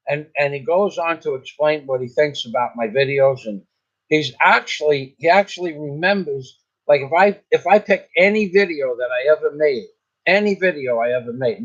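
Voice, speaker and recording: A man's voice: a little high, animated, moderate pace, fairly bright tone. Rambling older man telling a story. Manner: rambling, repeats words and restarts often. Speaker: vlogger. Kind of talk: casual storytelling. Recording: slightly dull lo-fi sound.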